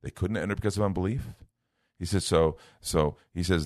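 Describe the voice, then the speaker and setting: A man with a low, deep voice teaches from the Bible in a relaxed, conversational tone. He is a middle-aged minister with an earnest delivery who brightens into playful voices when imitating people. The sound is dry and close, with no room around it. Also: brisk, no echo. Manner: earnest, lifts his voice to act out everyday speech.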